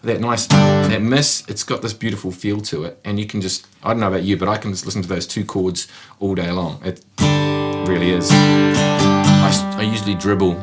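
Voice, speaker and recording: A man's voice: low-pitched, fairly even intonation, moderate pace. Playful man teaching guitar over strumming. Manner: playful, chatty, counts strums aloud. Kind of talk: casual guitar lesson.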